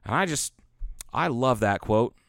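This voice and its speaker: A male podcast co-host rambles through a long story in casual chat, swearing freely and acting out the lines. His mid-range voice is animated yet unhurried, with vocal fry. The sound is studio quality, with no echo.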